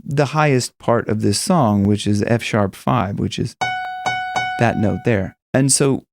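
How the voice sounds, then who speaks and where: A man teaching singing, explaining casually and breaking into high sung examples. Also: a little slow, vocal fry, music in the background. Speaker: vocal coach. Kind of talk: singing lesson with demonstrations.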